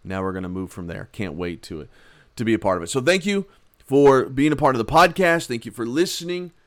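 A man teaching a Bible lesson on his podcast, telling a self-mocking everyday story in a conversational way, then gently urging listeners on. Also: medium pitch, lively intonation, fairly quick, no echo. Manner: earnest, gently exhorting. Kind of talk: casual devotional podcast talk.

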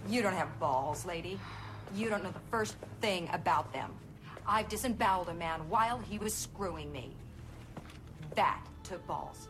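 A woman's voice: on the low side, lively intonation, normal speed, music in the background, close to an everyday voice. An actress playing a ruthless former female spy who taunts her rival, often sinking to a menacing whisper. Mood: cold contempt.

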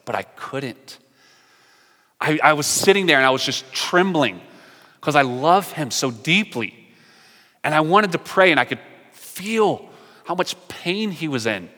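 A man preaching a sermon in an earnest way, moving between emphatic lines and hushed, quiet ones. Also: a little high, animated, measured pace, pauses often, long reverb tail. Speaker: pastor.

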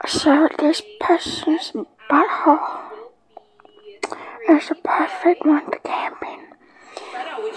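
A woman's voice: high voice, rough recording. A woman voicing a small fart creature, whispering and breaking into shrieks. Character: squeaky contented fart hiding out.

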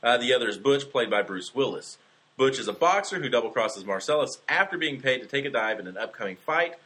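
A man co-hosting a film podcast, reading a plot summary in a quick, matter-of-fact way. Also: mid-range voice, lively intonation, sharp tone. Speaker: podcast co-host.

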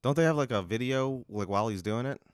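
A man's voice: medium pitch, no echo, clean studio sound. A man in casual chat, reacting with disbelief and laughter and firing back questions. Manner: incredulous, laughing, quick questions. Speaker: podcast co-host answering the hypothetical.

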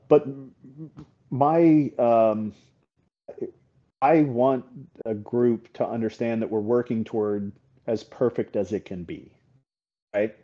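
Middle-aged male coach, very dark mellow voice, mid pitch, candid and profane. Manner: candid and blunt, swears freely, tag questions. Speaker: paintball team coach, podcast guest. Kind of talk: casual interview talk. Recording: slightly dull podcast audio.

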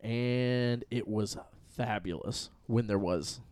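A man co-hosting a casual movie chat, relaxed and hesitant, with many pauses and ums. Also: medium pitch, no room sound. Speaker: podcast co-host.

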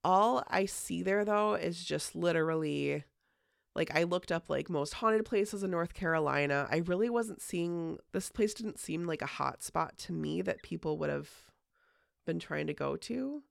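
A chatty woman hosts a podcast and tells a story in a loose, casual way, dropping "like" often and swearing now and then. Her voice has a heavy gravelly fry, and the sound is dry and close. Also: lowish voice, a little slow, no room sound. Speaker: podcast host.

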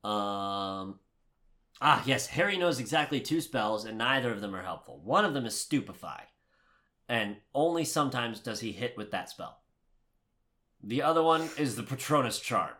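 A man co-hosting a casual movie review podcast, ranting with lots of swearing, swinging from heated shouting to low muttering. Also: lively intonation, moderate pace. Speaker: podcast co-host.

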